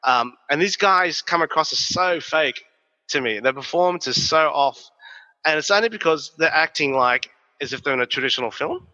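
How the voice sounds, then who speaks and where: A man, co-hosting a podcast and telling stories in a lively, swearing, casual way. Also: a little high, moderate pace. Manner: animated, profane storytelling. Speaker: podcast co-host. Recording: dull, reverberant recording.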